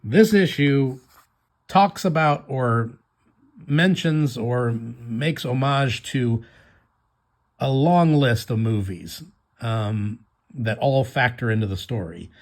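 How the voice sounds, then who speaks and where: A man's voice: medium pitch, slow pace. A man casually commenting on his own comic, chatty and prone to laughing as he explains it. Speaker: comic artist and creator.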